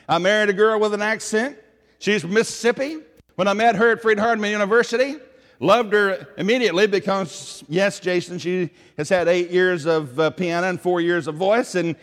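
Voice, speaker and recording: A man's voice: high voice, a bit bright, in a large hall. A man with a Tennessee Southern accent preaching a sermon in an earnest, conversational way, often putting questions to his listeners.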